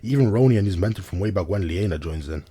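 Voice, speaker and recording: Young man, husky voice, rapid slangy commentary, lowish pitch, jokey asides. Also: expressive, mellow. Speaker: anime recap commentator. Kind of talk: casual recap commentary over footage.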